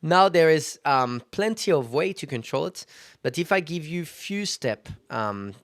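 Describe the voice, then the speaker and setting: Gravelly-voiced man hosting a solo podcast. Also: fairly high pitch, animated, a little slow, a bit bright, dry recording, clean studio sound. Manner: conversational, self-reflective, frequent fillers. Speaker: podcast host. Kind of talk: casual solo podcast monologue.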